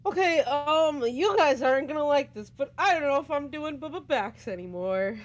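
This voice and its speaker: A woman with a slightly high voice co-hosts a livestream. Her talk is easygoing and chatty, and she laughs often between remarks. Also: lively intonation, normal speed. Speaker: livestream co-host. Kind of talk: casual livestream chat.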